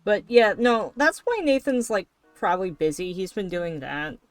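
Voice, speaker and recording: A woman's voice: medium pitch, very animated, normal speed, no room sound. A woman streamer chatting casually and rambling while she draws, swearing now and then. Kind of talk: casual chat while drawing. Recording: faint background music.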